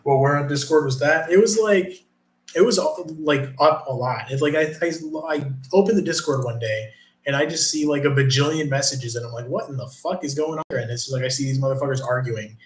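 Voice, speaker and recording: Male streamer, mid-pitch, loose profane chat, roomy echo. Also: fairly quick. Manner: profane, rambling, reads chat aloud. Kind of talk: casual live stream chat.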